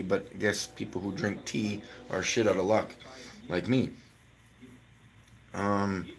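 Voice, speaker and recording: Bright-voiced man rambling through stories. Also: medium pitch. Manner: chatty, swears freely, laughs while telling stories. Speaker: live-stream host. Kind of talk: casual rambling storytelling. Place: at home.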